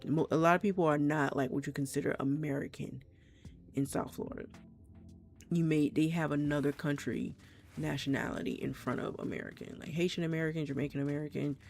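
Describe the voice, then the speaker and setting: A live streamer with a slight Trinidadian accent, talking at an ordinary middle pitch in a loose, rambling way. The speech is frank and full of swearing, with thoughts restarted again and again. Faint game music plays underneath. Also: steady tone, fairly quick, darkish tone. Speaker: gameplay streamer. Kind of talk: casual live-stream chat. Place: home, South Florida.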